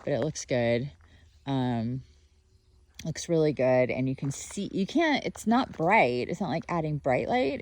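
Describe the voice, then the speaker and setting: A woman's voice: low voice, a little mellow, dry recording. A woman chatting casually in a video diary about her dog, rambling and playful, sometimes switching to baby-talk as she plays outdoors on a rural property. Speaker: vlogger, dog owner.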